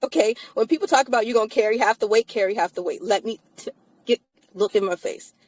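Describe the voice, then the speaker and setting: A woman's voice: a little high, fast, a little mellow, no room sound, rough recording. A tired woman co-hosting a live-stream chat, emphatic and repetitive, swearing freely. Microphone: streaming mic.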